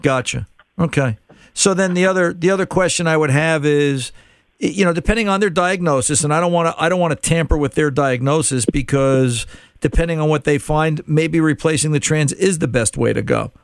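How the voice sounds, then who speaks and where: A middle-aged man with a gravelly voice hosts a call-in radio show. He talks through the problem step by step in a loose, conversational way, doubling back on words as he goes. His voice is fairly high for a man and sits dry and close on the studio mic. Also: brisk, no room sound. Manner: explanatory, conversational, repeats words while thinking. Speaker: radio car-repair show host.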